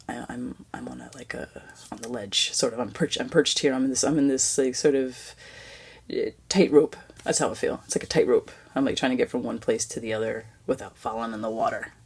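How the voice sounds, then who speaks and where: A woman's voice: very deep voice, creaky, darkish tone, husky. A woman hosting a podcast, telling a personal story in a rambling, reflective way that often drops to near-whispers. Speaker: podcast host.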